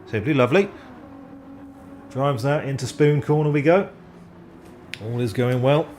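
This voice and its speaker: Man on excited sim racing commentary. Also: medium pitch, a little slow, slight background noise. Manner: excitable, self-deprecating, stumbles over driver names.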